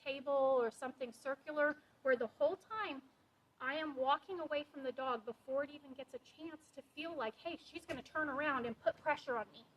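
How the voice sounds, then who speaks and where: High-voiced woman dog trainer explaining. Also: fairly bright tone, a little hiss or hum, rough recording. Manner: direct, practical, explains with quoted examples. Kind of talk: instructional talk to camera.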